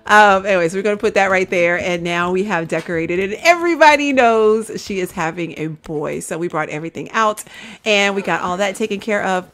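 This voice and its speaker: A medium-pitched, slightly bright voice moves fairly quickly as this woman, a gaming video creator, comments casually on her play. She talks with her viewers, drops in "y'all," and both coaxes and scolds her characters.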